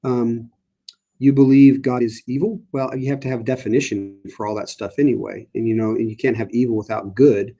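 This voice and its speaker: A man's voice: mid-range voice, flat delivery, a little fast, mellow. A middle-aged man, a priest, leading a casual Bible study and answering viewer questions with frequent fillers and restarts. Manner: conversational, many fillers and restarts.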